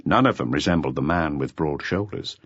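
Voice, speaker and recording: A man narrating a mystery audiobook in a measured, expressive storytelling manner. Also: rumbling low, no room sound. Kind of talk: scripted narration. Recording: slightly dull lo-fi audiobook recording.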